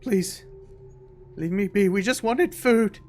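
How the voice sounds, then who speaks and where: A man's voice: high voice, takes it slowly, faint music behind, voice pushed up. A man voicing a tiny, terrified gnome in a tabletop game, begging shrilly for mercy. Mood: pleading.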